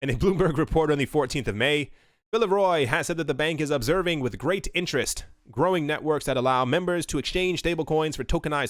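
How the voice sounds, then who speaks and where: A man giving casual, opinionated commentary in a voice pitched a bit high for a man. He talks loosely, full of fillers and restarts. The sound is dry and close. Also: no room sound. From United States. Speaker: crypto video host.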